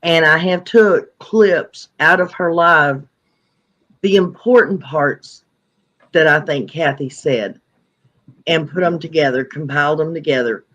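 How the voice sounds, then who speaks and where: A man speaking earnestly and deliberately in casual true crime commentary. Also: fairly high pitch, sharp tone, highs cut off. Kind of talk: casual chat.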